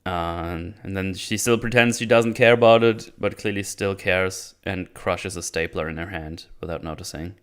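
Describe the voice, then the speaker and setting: A man with a low-pitched voice talks through an episode recap in a casual, sarcastic way. His tone is smooth and clear, he curses freely, and he often restarts his sentences. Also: steady tone, moderate pace, few pauses, fairly bright tone. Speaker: YouTube show host.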